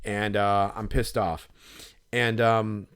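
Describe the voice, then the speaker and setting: On a podcast, a man with a lowish, clear, resonant voice takes his time telling a long, casual story. He co-hosts in a rambling way, heavy on fillers and profanity, livening up when recounting his inner monologue.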